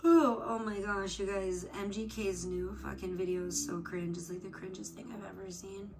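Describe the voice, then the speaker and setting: A woman's voice: medium pitch, steady tone, moderate pace, a little mellow, slight background noise. Woman, livestream host, casual rambling chat, swears a lot, off camera. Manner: rambling, swears casually, trailing "I don't know". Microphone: off camera, not seen.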